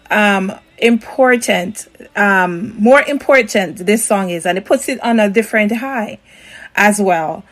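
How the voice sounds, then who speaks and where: Woman host, mid pitch, polite, affirming, ums, recovering from voice loss. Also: low-quality recording. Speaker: interview host. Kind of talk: casual interview.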